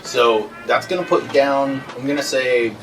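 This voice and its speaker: A man's voice: medium pitch, moderate pace. Brief: male game master, easygoing, lots of ums, a bit far from the mic, music bed behind. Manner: relaxed, full of fillers. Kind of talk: narrating a tabletop game.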